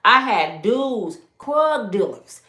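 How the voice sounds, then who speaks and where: A woman in her fifties telling her life story as a testimony, acting out the voices of others and swinging from loud exclamations to hushed asides. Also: fairly high pitch, slow pace. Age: 50s. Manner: animated, acts out others' voices in quotes. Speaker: YouTube storyteller. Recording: roomy echo.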